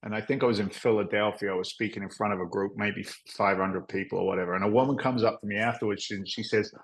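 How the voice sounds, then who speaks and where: A middle-aged man with a lowish voice, speaking as an interview guest. He tells his stories in a candid, rambling way, drops in frequent asides, and curses casually. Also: fairly even intonation, fast talker, low-quality recording. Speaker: podcast guest, real estate investor.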